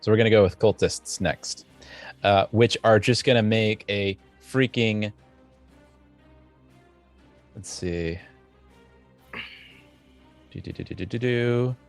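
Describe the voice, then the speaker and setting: Male game master, low voice, unhurried, hesitant delivery with fillers. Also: fairly even intonation, faint music behind. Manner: halting, many fillers and restarts. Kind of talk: narrating a tabletop game.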